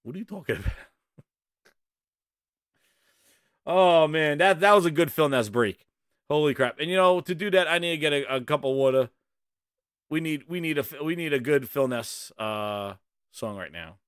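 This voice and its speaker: A man hosting a casual gaming livestream, profane and excitable, breaking into laughter often. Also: a little high, unhurried, long pauses, clear, resonant tone, no room sound, clean studio sound. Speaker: gaming show host.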